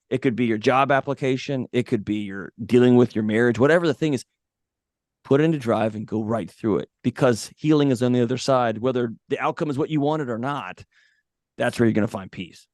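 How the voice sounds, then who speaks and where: A man's voice: mid-range voice, no echo, studio quality. A man talking as a podcast guest, giving blunt, emphatic advice in a casual way. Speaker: podcast guest, mental health author.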